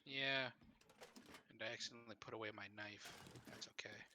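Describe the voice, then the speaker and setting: A man's voice: lowish voice, steady tone, moderate pace, noisy background. A man playing a survival game with a friend, laid-back and casually swearing. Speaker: co-player. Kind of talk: casual gaming chat.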